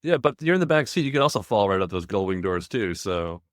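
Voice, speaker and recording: Male podcast co-host, wry casual recap, lively pitch. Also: quick pace, no room sound, studio quality. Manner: wry, animated, laughs often.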